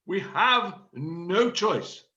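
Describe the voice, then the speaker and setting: A man's voice: high-pitched, animated, very slow, pushed and bright, dull audio, heavily acted. A man playing a pompous frantic theatre director. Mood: exasperated. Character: fussy exasperated male panto director. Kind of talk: amateur play reading. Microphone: video call.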